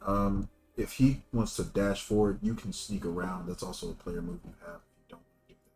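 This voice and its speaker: A man's voice: low-pitched, normal speed, music in the background. A man narrating a tabletop game as game master, describing scenes at length with many fillers.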